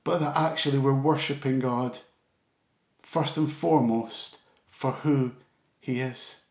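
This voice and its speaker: A man preaching a sermon in a church, earnest, often dropping to a soft, low voice for emphasis. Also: steady tone, takes it slowly, echoey room.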